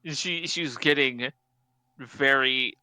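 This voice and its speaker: A man playing his character in a tabletop game, animated and given to sudden loud outbursts. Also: mid-range voice, drawn-out words, dry recording. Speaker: player.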